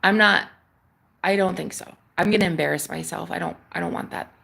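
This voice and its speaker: This woman's voice is fairly low, gravelly, and bright, with a forceful tone and a slightly quick pace. She's a vlogger relating a personal spiritual experience to camera, intense and emotional, restarting a lot and swearing here and there.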